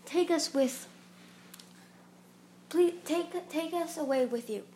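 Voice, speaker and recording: A woman voicing a fierce, defiant young female dragon in a storybook reading, speaking loudly and pleadingly. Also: sits high, slow pace, heavy background noise, pitched above the performer's own voice.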